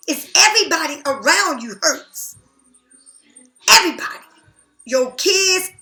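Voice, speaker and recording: A woman's voice: sits high, roomy sound. Blunt, profane woman reading tarot. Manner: blunt, profane, animated, talks straight to the viewer. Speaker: tarot reader. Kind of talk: casual tarot reading to camera.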